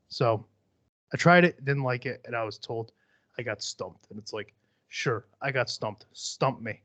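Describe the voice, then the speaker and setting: A young man talks casually into a podcast mic, rambling and blunt, with plenty of swearing and stray fillers. His voice sits at a middling pitch. The sound is dry and a little dull. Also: steady tone, moderate pace, a bit bright, dry recording. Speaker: podcast host.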